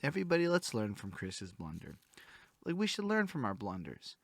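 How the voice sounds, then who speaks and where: Teasing young male host, lively pitch. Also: moderate pace, creaky, dry recording. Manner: teasing, jokey, acts out quotes. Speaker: interview host. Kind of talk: casual interview chat.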